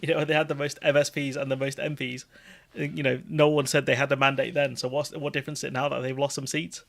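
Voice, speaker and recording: A man co-hosting a live stream, chatting casually and giving relaxed, opinionated political commentary. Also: mid-range voice, fast, gravelly.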